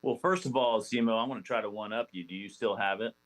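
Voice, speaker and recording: A man in his forties, a former ballplayer guesting on a podcast, telling stories in a rambling, animated way with many restarts. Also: lowish voice, quick pace, rough recording. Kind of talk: casual storytelling interview.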